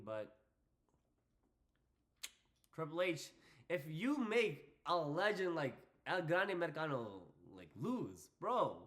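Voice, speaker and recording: A young man hosting a casual wrestling predictions vlog, excitable and hyping things up with repeated phrases. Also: fairly high pitch. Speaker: wrestling channel host.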